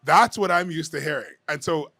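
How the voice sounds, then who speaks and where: A male radio host giving frank, measured opinion commentary and hedging his views. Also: fairly high pitch, creaky, pushed and bright, no room sound, clean studio sound. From Bahamas.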